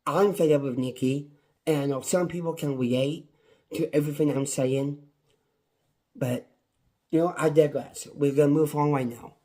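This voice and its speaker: A man's voice: a little high, steady tone, normal speed, pauses often, warm tone. A man reviewing a wrestling show on his own, in a passionate, repetitive rant. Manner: impassioned, ranting, repetitive. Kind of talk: casual solo review.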